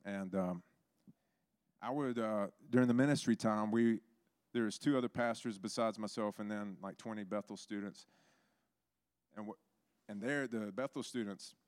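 Animated man preaching a sermon. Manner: animated, acts out others with big pitch jumps. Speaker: pastor. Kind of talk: sermon storytelling.

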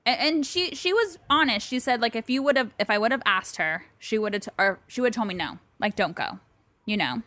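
A woman's voice: on the high side, expressive, normal speed, fairly bright tone, dry recording. A woman co-hosting a podcast in casual chat, telling a story with animation and acting out both sides of a phone call. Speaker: podcast co-host. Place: bedroom.

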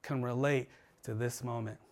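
A man preaching a sermon as a pastor, earnest and building, often dropping his voice low and soft for emphasis. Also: steady tone, moderate pace. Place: church livestream.

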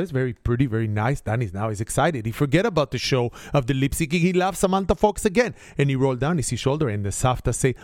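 A man with an Israeli accent spins an animated family story, his grammar simple and a little broken. His voice is warm and mellow. It is recorded close and dry, with no room sound. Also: medium pitch, quick pace, hardly any pauses, no echo.

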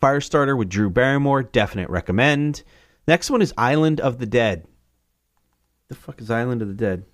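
A man hosting his own podcast, running through movie recommendations in a loose, rambling, jokey way, swearing freely and often jumping into excited, higher asides. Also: moderate pace, dry recording, studio quality. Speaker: podcast host. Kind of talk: casual solo movie review.

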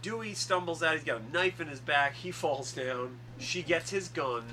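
Bright-voiced man, profane film chat. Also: on the high side, normal speed, slight background noise. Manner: profane, animated retelling of scenes. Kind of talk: casual movie discussion.

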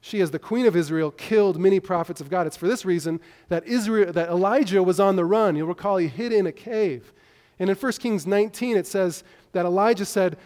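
Pastor guy teaching through a bible passage, kinda high voice, long hall echo, few restarts here and there. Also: a little mellow. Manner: measured teaching with small restarts. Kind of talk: expository sermon.

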